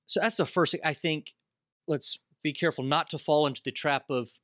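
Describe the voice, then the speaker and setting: A man's voice: a little high, expressive, fairly quick, a bit bright, no echo. Man, earnest preacherly tone, bible study panel, dry close sound. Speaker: discussion panelist.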